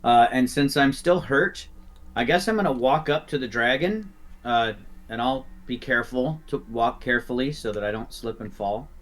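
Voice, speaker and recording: A man's voice: mid-range voice, normal speed, a bit bright. A man playing in an online tabletop game, chatting casually and thinking his moves through aloud with many ums.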